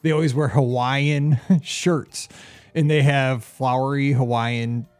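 A man and football coach, a podcast co-host, chatting casually with jokes and animated stories. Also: mid-range voice, slow, clean tone. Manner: jokey, animated storyteller, laughs often. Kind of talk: casual chat.

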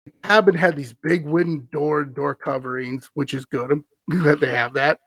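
A man's voice: on the high side, fairly even intonation, normal speed, gravelly, a bit bright, dry recording. A man hosting a podcast, reading a scary story aloud and breaking off for wry, amused asides. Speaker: podcast host.

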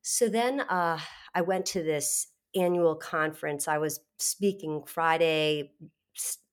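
A middle-aged woman guest in an interview, telling her story candidly and animatedly, with frequent laughs and quick restarts. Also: low voice, clear, resonant tone.

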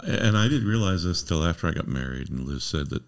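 A man's voice: low voice, expressive, a little fast, clear, resonant tone. A man, a guest in a casual chat, joking in a dry way.

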